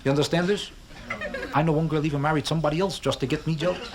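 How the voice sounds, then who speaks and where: A man's voice: on the high side, fairly even intonation, very fast. A man doing a stand-up comedy routine, talking in a sing-song way, firing rhetorical questions at the audience and making boastful, self-mocking jokes. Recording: live club album with audience laughter and vintage background hiss. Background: audience laughter.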